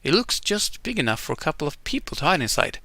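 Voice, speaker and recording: A man's voice: a little high, big pitch swings, quick pace, sharp tone, no room sound. A man streaming a game, reading its text aloud in a chatty way with casual asides and laughing at himself. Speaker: gamer streaming an event.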